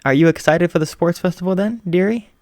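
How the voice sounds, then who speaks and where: Guy doing flirty doting heroine lady, high squealy voice, gushes over everything. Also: a little fast, darkish tone, dry recording, clean studio sound. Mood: gushing. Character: gushing flirtatious adult heroine.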